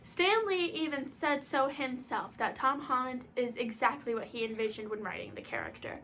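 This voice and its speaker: Young female vlogger, high and sharp-toned, gushing and excitable, half-shouting when fired up. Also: normal speed, slight background noise. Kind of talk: casual chat to camera. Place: room at home.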